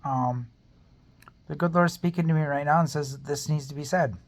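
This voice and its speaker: His pitch sits on the high side and his pace is moderate as this man vlogs to camera. Open about his pain, he gives a rambling, earnest testimony of faith.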